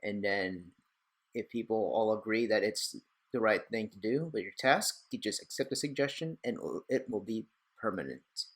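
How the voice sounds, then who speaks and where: A man's voice: lowish voice, moderate pace, fairly bright tone, slightly rough. Chatty young man walking through a tutorial. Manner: chatty, rambling, self-deprecating asides. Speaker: tech tutorial host. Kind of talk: casual screen-recorded tutorial.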